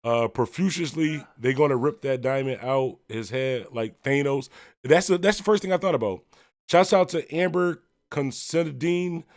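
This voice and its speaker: A man's voice: medium pitch, normal speed, dry recording, studio quality. A man from Buffalo, New York, hosting a music talk livestream, chatting loosely and rambling with lots of fillers as he reacts to viewer comments. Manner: rambling and conversational, full of fillers and shout-outs. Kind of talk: casual livestream chat, reading viewer comments.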